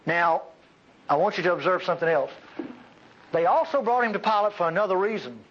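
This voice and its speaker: A male preacher giving a sermon, emphatic, swinging between loud outbursts and quiet asides, on a dull lo-fi recording. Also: high-pitched, expressive, fairly quick, slight background noise.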